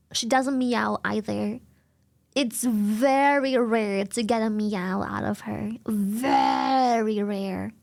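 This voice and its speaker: A woman's voice: a little high, creaky. A young woman streamer chatting casually, rambling, swearing and giggling often. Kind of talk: casual chat.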